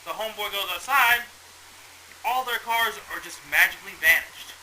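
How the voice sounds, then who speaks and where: A man hosting a casual movie review chat, rambling and animated as he retells the plot with lots of swearing. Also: high voice, moderate pace, a little hiss or hum, low-quality recording. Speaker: movie review show host.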